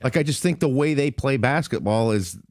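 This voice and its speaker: A man giving even-keeled, analytical takes on a sports talk radio show. His voice is fairly low, with a lot of rise and fall in pitch, and it is recorded close and dry in the studio. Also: normal speed, no echo. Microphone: studio microphone.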